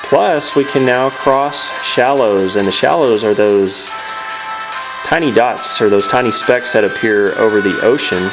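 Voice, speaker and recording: A man's voice: fairly low pitch, measured pace. A man narrates his game playthrough, reading out the story and tossing in casual remarks. His voice sits in an ordinary middle range. Faint game music plays underneath. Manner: reads dialogue aloud with casual asides. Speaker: let's play host. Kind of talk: let's play narration.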